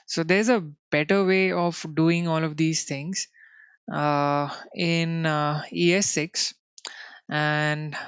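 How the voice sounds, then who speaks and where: Slow-talking Indian man teaching code. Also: on the high side, smooth, no echo, highs cut off. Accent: Indian English. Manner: frequent "you know" fillers, checks in with viewers. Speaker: coding instructor. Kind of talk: live-streamed coding lesson.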